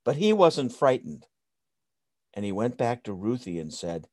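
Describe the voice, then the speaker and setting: A man reading a bedtime story in a soothing, expressive way. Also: medium pitch, a little slow, no room sound, clean studio sound.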